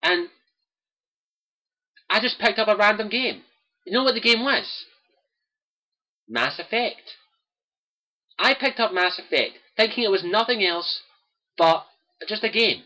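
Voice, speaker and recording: A man's voice: high voice, animated, measured pace, pauses often, pushed and bright. A young Scottish man, host of a gaming livestream, speaking to viewers in an earnest, impassioned personal monologue and repeating his key phrases.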